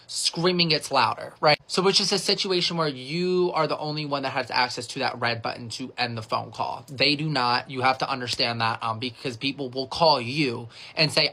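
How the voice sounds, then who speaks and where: A man who works in phone customer service tells a casual storytime with a sassy, chatty manner and a voice higher than most men's. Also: brisk, few pauses, pushed and bright. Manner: chatty and sassy, fills with 'like'.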